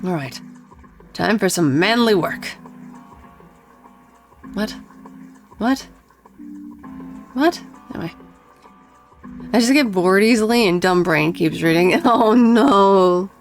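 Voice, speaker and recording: A woman streams a game in casual let's play commentary, playful and giggly as she reads game dialogue aloud. Her mid-range voice has lively intonation, and she takes it slowly with long pauses. Faint music plays behind her.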